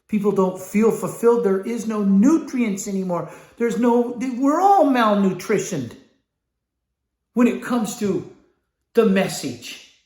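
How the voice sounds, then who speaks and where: A man teaching a sales class, blunt and profane, acting out his pitch dialogue. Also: darkish tone, roomy sound. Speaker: sales trainer.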